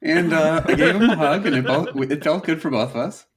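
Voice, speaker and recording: A man's voice: on the high side, lively intonation, fast talker, background noise. A man co-hosting a comedy podcast, riffing on jokes in casual banter. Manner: jokey riffing, mock voices. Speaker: podcast co-host.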